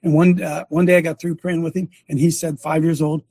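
A man's voice: fairly high pitch, little pitch movement, brisk, darkish tone, dry recording. An older man and former coach giving a sermon-like testimony, telling it emphatically with many repeats and restarts. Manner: breaks off to direct a helper at a screen.

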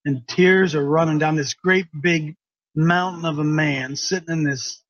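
A man's voice: fairly high pitch, steady tone, a little slow, a bit bright, no room sound. A man hosting a talk show, telling a story in an earnest, preachy way and repeating himself for emphasis. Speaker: radio talk show host. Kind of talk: casual storytelling. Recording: dull lo-fi sound.

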